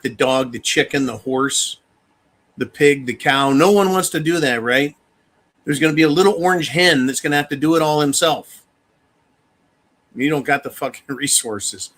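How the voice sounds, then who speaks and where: A man's voice: medium pitch, normal speed, a bit bright. A man hosting a casual livestream, talking emphatically and swearing freely as he addresses viewers as folks. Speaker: livestream host.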